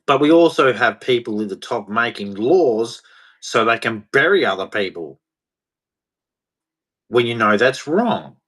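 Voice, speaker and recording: A man vents in a heated vlog rant. He talks in a preachy, insistent way and doubles back on words to drive his points home. His voice sits at an ordinary middle pitch for a man. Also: very animated, a little slow, pauses often, a bit bright, slightly rough. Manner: heated, preachy, repeats himself for emphasis. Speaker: vlogger. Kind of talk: ranting monologue to camera.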